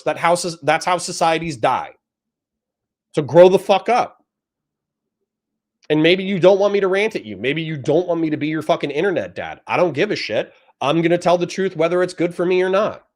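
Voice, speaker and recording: A man's voice: fairly high pitch, animated, fairly quick. A young adult man streaming political commentary, reading chat messages and lecturing his audience in a heated, profane rant.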